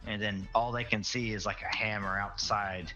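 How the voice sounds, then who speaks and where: A man's voice: on the low side, steady tone, moderate pace, bright, forceful tone, faint music behind. A man playing a tabletop game, describing his character's actions in a rambling, casual way on a dull lo-fi recording. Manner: rambling, many restarts.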